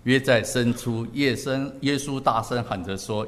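A man preaching a sermon in short, measured phrases, pausing so his words can be interpreted. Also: medium pitch, in a large hall. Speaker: pastor.

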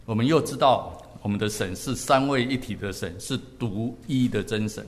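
A man preaching a sermon in short, measured phrases, pausing so his words can be interpreted. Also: fairly low pitch, big-room sound, a little hiss or hum. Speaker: pastor.

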